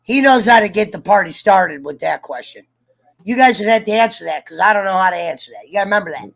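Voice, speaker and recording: A man hosting a casual livestream chat, joking and swearing while reading shout-outs from the chat. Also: sits high, animated, fast talker, creaky, a crowd in the background. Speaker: show host.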